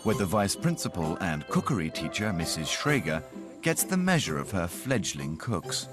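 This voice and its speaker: Male TV narrator, low-ish and animated, scripted, music bed. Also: normal speed. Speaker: documentary narrator.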